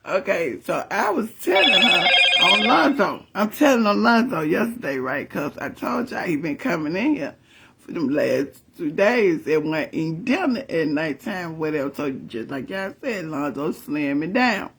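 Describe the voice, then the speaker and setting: A man spins a family story for his followers, often laughing and calling on the Lord. His voice sits high and carries a gravelly, husky edge. His pitch jumps around with lively, animated swings. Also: moderate pace. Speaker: vlogger. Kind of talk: casual storytelling to viewers.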